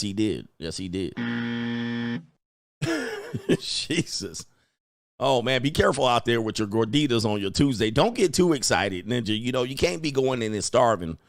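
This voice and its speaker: A man hosting a livestream, reacting in casual commentary with drawn-out exclamations and chuckles. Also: on the high side, dry recording, clean studio sound. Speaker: livestream host.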